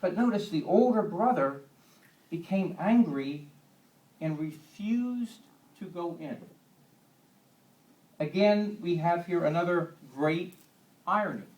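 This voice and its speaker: A man's voice: high voice, takes it slowly, long pauses, darkish tone. A man teaching a Bible lesson to a church group in a conversational way, with homely humorous asides. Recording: echoey room, distant mic.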